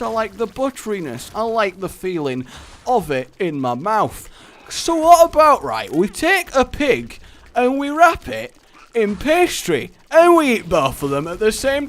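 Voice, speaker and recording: A man's voice: high-pitched, huge pitch swings, unhurried, voice pushed up, heavily acted. A man voicing an imagined male sausage roll inventor who gushes and swoons over food. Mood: gushing.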